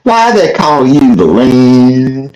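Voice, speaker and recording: A man putting on a slow, drawling fake Southern preacher voice to troll someone. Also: medium pitch, sing-song, a little mellow, low-quality recording. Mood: mocking.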